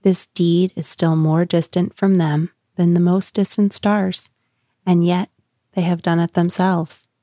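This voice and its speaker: A woman's voice: on the low side, level tone, measured pace, warm tone, no echo, clean studio sound, lightly acted. Woman reading as an anguished madman. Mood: somber. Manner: impassioned, questioning. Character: anguished man crying out to the crowd. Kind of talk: dramatic reading.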